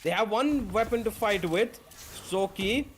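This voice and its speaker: A man calls a live esports match in a fairly high voice, excitable and quick to climb into shouts when the action turns. He speaks as a play-by-play caster, chatty between rounds. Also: slight background noise. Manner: excitable, rising to shouts on big plays.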